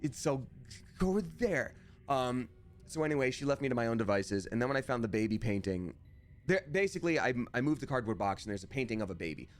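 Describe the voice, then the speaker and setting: A man's voice: medium pitch, lively intonation, quick pace. A man streaming a video game, chatting casually and telling a story while he acts out both sides of a conversation.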